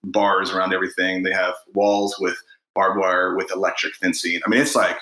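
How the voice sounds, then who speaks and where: A man's voice: low voice, normal speed, echoey room, rough recording. A middle-aged man, a guest singer-songwriter, telling a story in a casual interview and acting out the voices of the people in it. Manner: animated storyteller, acts out quoted voices.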